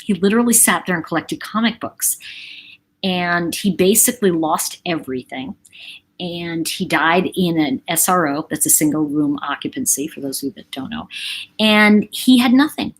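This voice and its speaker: A woman's voice: fairly low pitch, normal speed, breathy edge. A middle-aged woman hosting a livestream, telling a long personal story in a chatty, rambling way with asides to her viewers. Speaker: livestream host.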